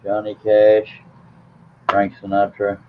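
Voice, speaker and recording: Low-voiced man hosting over a tinny line. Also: monotone, slow pace. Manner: rambling, teasing, jokey. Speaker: live stream host. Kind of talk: casual late-night chat. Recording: tinny phone-like line with faint hiss.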